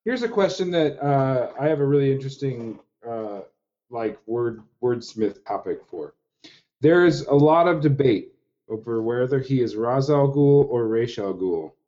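A man's voice: mid-range voice, animated, normal speed, darkish tone. A man co-hosting a podcast in casual chat, who rambles and corrects himself as he goes. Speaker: podcast co-host. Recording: slightly muffled podcast mic.

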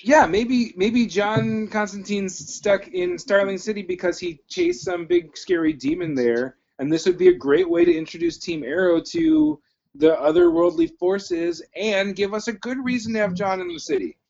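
Brief: podcast co-host, man, high gravelly voice, lo-fi dull recording. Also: sing-song, darkish tone. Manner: joking, swears freely, puts on quick voices. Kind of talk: casual chat.

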